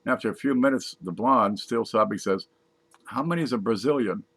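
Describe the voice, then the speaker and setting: A man casually reading jokes aloud from a page, putting on higher voices for the punchlines. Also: a little fast, vocal fry, a bit bright. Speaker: joke reader.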